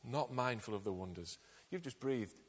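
A man's voice: mid-range voice, animated, normal speed, breathy edge, in a large hall. A man preaching a sermon with dramatic emphasis and rhetorical questions.

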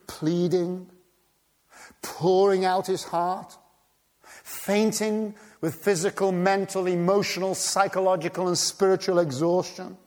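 A man preaching a sermon, dramatic, swinging from hushed tones to urgent, rising appeals. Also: sits high, steady tone, takes it slowly.

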